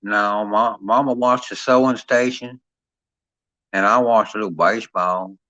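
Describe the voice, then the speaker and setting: A man's voice: fairly low pitch, steady tone, measured pace, pushed and bright, no room sound. A man voicing a folksy, simple rural hick who drawls and repeats himself. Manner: drawling, repetitive country talk. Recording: dull lo-fi sound.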